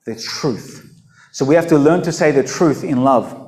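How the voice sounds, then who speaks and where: A man preaching in a blunt, emphatic manner, pressing his points with rhetorical questions. His voice sits a little high for a man. The recording carries a roomy echo. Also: normal speed, darkish tone. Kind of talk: unscripted preaching talk.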